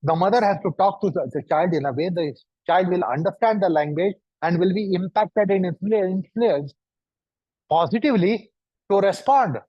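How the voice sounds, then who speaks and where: A man giving a lecture, speaking deliberately and piling up synonyms for emphasis. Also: high-pitched, no echo. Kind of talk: lecture to an audience. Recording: dull, dry recording.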